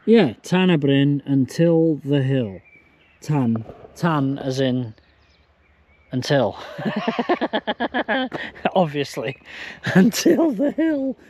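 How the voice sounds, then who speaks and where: Tipsy male vlogger outdoors, hiccuping, self-mocking ramble at a slow, dragging pace, mid-range voice, handheld camera. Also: medium pitch, sing-song, a little mellow. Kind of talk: casual vlog monologue. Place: outdoors at a campsite.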